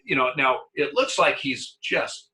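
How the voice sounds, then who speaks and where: A bright-voiced older man telling umpire stories. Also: mid-range voice, a little slow, rough recording. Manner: animated, laughs often, repeats words. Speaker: former umpire. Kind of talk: casual interview storytelling.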